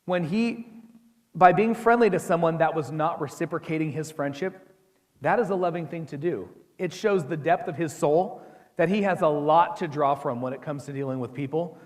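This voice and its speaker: An American man preaching to his congregation in an easy, conversational way, often turning to ask them questions. His voice sits a little high for a man. The sound carries a long reverb from the church hall. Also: normal speed. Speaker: pastor. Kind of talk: sermon.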